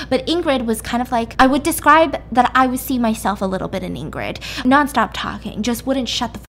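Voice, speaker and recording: A woman's voice: a little high, expressive, brisk, hardly any pauses, fairly bright tone, a little hiss or hum. A woman casually retelling a story, rambling and chatty, acting out the characters' lines with swearing. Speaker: podcast host.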